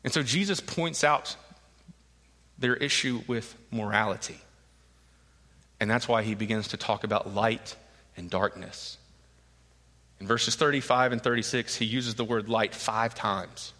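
A man's voice: medium pitch, measured pace, long pauses. A man preaching a sermon as pastor, conversational with joking asides, growing emphatic as he explains the passage. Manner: rises into emphatic, animated delivery when voicing the crowd. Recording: reverberant hall.

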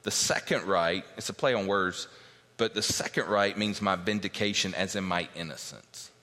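A man's voice: deep voice, moderate pace, pushed and bright. Man preaching in a reverberant hall. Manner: emphatic teaching, repeats key points, reads scripture aloud. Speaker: pastor. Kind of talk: expository sermon. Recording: long reverb of a large hall.

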